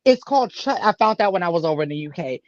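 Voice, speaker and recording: A woman's voice: fairly low pitch, animated, quick pace, no room sound. A woman co-hosting a casual livestream chat who chimes in with short agreements. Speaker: co-host. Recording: dry, dull lo-fi sound.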